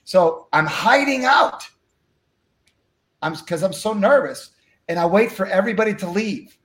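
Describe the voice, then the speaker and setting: A man telling a story from his life as an interview guest, acting out the dialogue with lively energy. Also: sits high, measured pace, roomy sound. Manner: animated, acts out dialogue. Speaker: guest speaker.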